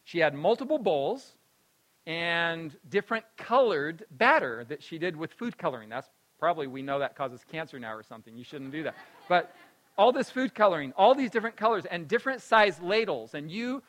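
Man, personal storytelling, high voice, bright and forceful, animated, laughs often, moves between loud and hushed. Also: normal speed, rough recording.

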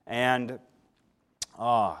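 A man preaching a sermon and telling a personal story, with a voice of ordinary pitch. He rises to loud emphasis and then drops to quiet, hushed lines. He stops to call for a response from the congregation. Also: drawn-out words. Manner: dynamic, swings from loud emphasis to hushed tones; calls for audience response.

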